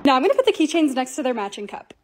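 A woman's voice: sits high, sing-song, rapid-fire, darkish tone, a little hiss or hum. A young woman narrating her home projects and shopping hauls in a chatty, bubbly vlog voice-over. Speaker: lifestyle vlogger.

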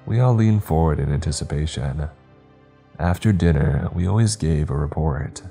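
A man's voice: extremely low pitch, normal speed, vocal fry, dark tone, soft background music. A man reading a horror story aloud as narrator, voicing each character himself. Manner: voices every character in dialogue.

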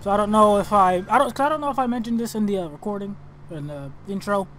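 A young man giving let's play commentary on a video game, excitable and reactive, often exclaiming and swearing. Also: high voice, quick pace, a little hiss or hum. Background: game music.

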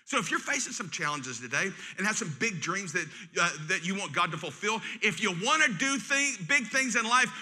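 A middle-aged man, preaching a sermon in a folksy, joking and animated way. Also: sits high, fairly quick, few pauses. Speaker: pastor.

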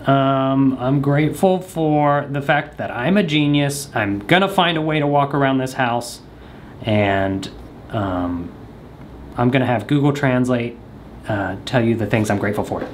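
A man's voice: medium pitch, measured pace, a little hiss or hum. A man vlogging casually at home, rambling with lots of hesitant ums and jokey asides. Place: at his house.

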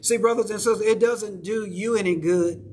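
With a high yet darkish voice and a steady tone, a Southern-accented pastor preaches at normal speed in a church sanctuary. He speaks conversationally and checks in with the congregation, over a little hiss or hum.

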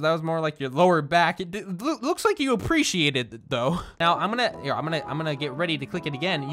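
A man doing comedic, playful gameplay commentary, teasing and giggling as he plays. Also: high voice. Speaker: gaming YouTuber.

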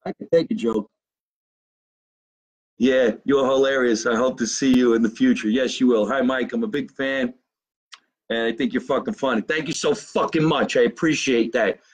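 A man with a New Jersey accent hosting a live stream from his basement, reading out viewer comments in a brash, profane, fast-talking way. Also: mid-range voice, steady tone, slightly rough, low-quality recording. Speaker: comedian hosting a live show. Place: home basement.

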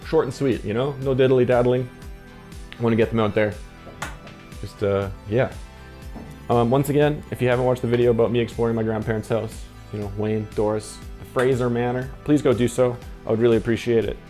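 A young film photography vlogger rambles casually to camera while reviewing a film stock, with faint music behind him. His medium-pitched, dark-toned voice moves briskly with fairly even intonation, and he keeps cutting himself off, jittery and blaming too much coffee.

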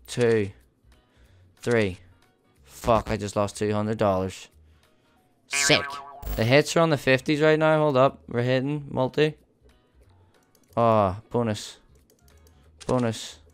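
Excitable swearing man streaming slots. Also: mid-range voice, clean tone. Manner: excitable, swears a lot, talks to viewers as "boys". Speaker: gambling streamer. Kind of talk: live slot-play commentary.

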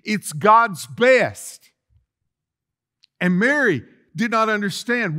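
A male preacher delivering a sermon, his voice high and lively, rising and falling across a wide range. He drops to quiet asides and then swells into loud declarations. His tone is bright and ringing. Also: takes it slowly, pauses often. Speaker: lead pastor. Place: church sanctuary.

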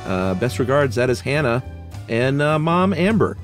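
A man co-hosting a casual podcast in a laid-back, deadpan way, also reading out listener mail. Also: mid-range voice, moderate pace, faint music behind.

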